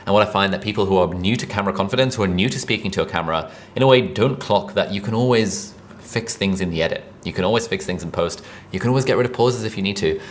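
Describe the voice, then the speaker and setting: A man giving a conversational direct-to-camera tutorial on presenting, energetic and quick, recorded with a videographer. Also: on the low side, a little hiss or hum. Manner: fast, energetic, conversational delivery. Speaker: online video coach.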